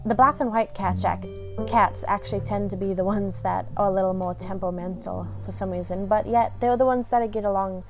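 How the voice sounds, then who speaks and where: A woman casually narrating her playthrough of a story game, reading passages aloud and adding offhand comments. Her voice sits in a middle pitch and stays easygoing. Quiet music plays behind her. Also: brisk, creaky. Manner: relaxed, chatty, reads choices aloud. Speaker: game streamer.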